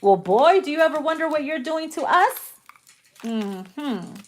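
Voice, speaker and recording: Slow-talking brash tarot-reading woman. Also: high-pitched, expressive. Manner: brash, profane and laughing a lot. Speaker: tarot reader.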